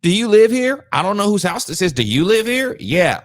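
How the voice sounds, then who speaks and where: Animated man giving reaction commentary. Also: sits high, fairly quick, dry recording, clean studio sound. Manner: animated, incredulous, acts out quotes. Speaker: podcast host reacting to a video.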